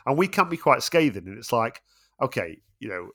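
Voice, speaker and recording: A man's voice: mid-range voice, brisk. A middle-aged man co-hosting a film podcast, emphatic and getting worked up in casual chat. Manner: animated, emphatic, rising when worked up. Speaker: podcast co-host.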